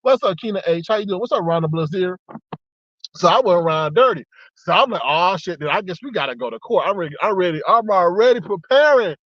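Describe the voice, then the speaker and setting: Male host, high voice, lively casual storyteller, dry dull recording. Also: fast, no room sound. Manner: animated, acts out both sides with excited high jumps. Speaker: host telling a story to viewers. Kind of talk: casual storytelling to a live audience.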